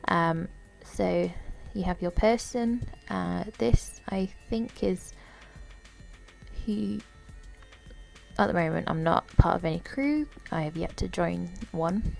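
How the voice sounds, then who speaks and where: A tired woman giving casual, rambling commentary while walking through a game, often unsure and filling pauses. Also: on the low side, vocal fry, darkish tone, soft background music. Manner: rambling, unsure, lots of fillers. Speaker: gamer.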